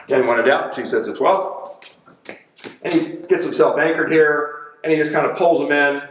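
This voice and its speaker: A man's voice: fairly high pitch, fairly even intonation, moderate pace, distant mic, a little hiss or hum. A man, a personal trainer, coaching an exercise demo in a gym in an upbeat, chatty way and counting reps aloud. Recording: echoey gym, voice from off-mic.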